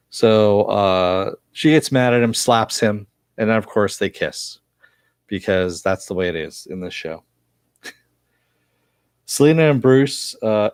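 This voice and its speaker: A man's voice: lowish voice, no echo. A man casually recapping and reviewing a TV episode, rambling with many fillers. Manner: rambling, filler-heavy retelling.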